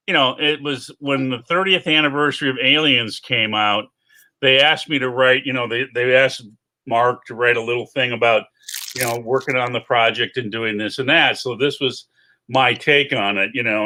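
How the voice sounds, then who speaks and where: A man chatting as a guest artist, animated and self-deprecating in casual conversation. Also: mid-range voice, normal speed. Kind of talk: casual chat.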